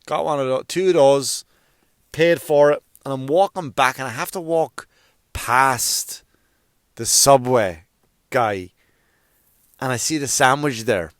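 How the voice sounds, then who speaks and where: A man's voice: mid-range voice, slow, pauses often, no echo, clean studio sound. A man hosting a comedy podcast, telling a rambling story and acting out the quoted lines. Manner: rambling, animated retelling with acted-out quotes. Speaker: podcast host. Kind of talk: casual comic storytelling.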